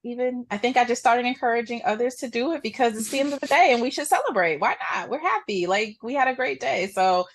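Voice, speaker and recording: A woman guest in a casual interview, bubbly, laughing easily and thinking out loud as she talks. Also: fairly high pitch, lively intonation, quick pace, hardly any pauses. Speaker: interview guest, employment programs manager.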